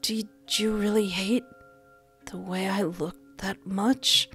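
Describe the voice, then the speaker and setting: A woman voicing a dying lonely man, soft and breathless. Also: medium pitch, fairly even intonation, soft background music. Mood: weak, fading. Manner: soft, breathless, halting and pleading. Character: lonely gentle young man, wounded and dying.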